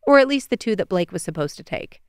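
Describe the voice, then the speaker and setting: A woman's voice: medium pitch, sing-song, fast, smooth, no echo, studio quality, close to an everyday voice. A woman narrator voicing an upbeat adult woman reassuring her sister on the phone in an audiobook.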